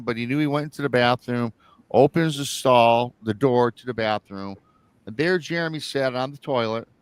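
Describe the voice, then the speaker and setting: He hosts a live show and loosely retells a listener's story, rambling and repeating himself while acting out the lines he quotes. His mid-range voice is smooth, with no room sound.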